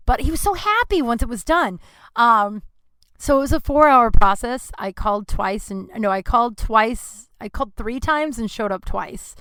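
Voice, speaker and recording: A woman's voice: on the high side, lively intonation, moderate pace, pushed and bright, clear, resonant tone, dry recording. A young woman hosting a podcast, telling a casual, rambling story with lots of restarts, self-mocking and swearing freely. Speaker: podcast host. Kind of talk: casual monologue.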